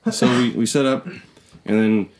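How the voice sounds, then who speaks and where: A man's voice: medium pitch, unhurried, a little mellow. A young man from western Canada telling a rambling, comedic camping story on a podcast, acting out the voices of people he met. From British Columbia, Canada. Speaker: podcast co-host.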